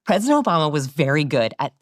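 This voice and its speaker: A woman with a low voice for her sex explains communication research in an interview, lively and quick to demonstrate. The recording is close and dry. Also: no echo. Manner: animated, demonstrating vocal examples.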